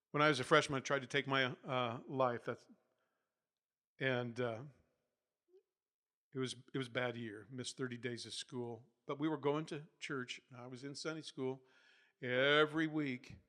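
A man preaching a sermon, telling revival stories and building up to loud, emphatic peaks before settling back down. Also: medium pitch, steady tone, unhurried, pauses often. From United States. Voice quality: not soft-spoken. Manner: storytelling, builds to loud emphatic peaks, laughs between points. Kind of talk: sermon storytelling.

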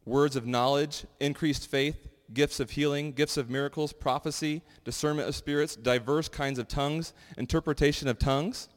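A man giving a sermon and sharing personal testimonies in a loose, animated, conversational way full of fillers. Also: fairly high pitch, normal speed, hardly any pauses. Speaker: pastor. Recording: long hall reverb.

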